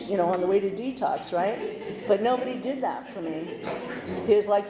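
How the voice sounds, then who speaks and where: A woman's voice: medium pitch, animated, a little slow, echoey room, crowd noise, poor audio. Candid American woman telling her story. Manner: candid storytelling with wry humor. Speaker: speaker sharing her story. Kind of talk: recovery meeting talk. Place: meeting hall.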